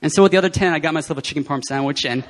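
A man speaking at a prayer meeting, telling personal testimony stories in an animated way and often laughing. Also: on the high side, racing. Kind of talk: testimony sermon.

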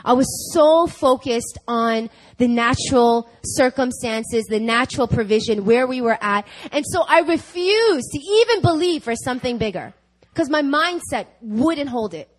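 A woman preaching a conversational sermon, telling a personal story with laughs and lively asides. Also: high voice, unhurried, poor audio. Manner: animated, laughing, chatty with fillers. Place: church service.

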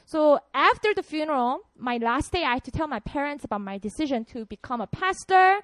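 A young woman from South Korea, giving an animated personal testimony and laughing often. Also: high voice, no room sound.

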